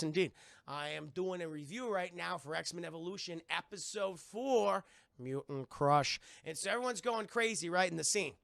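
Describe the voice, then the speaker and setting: A man reviewing a cartoon on a live stream, animated and profane, talking to his chat. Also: high-pitched, gravelly, dry recording. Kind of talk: casual live-stream commentary.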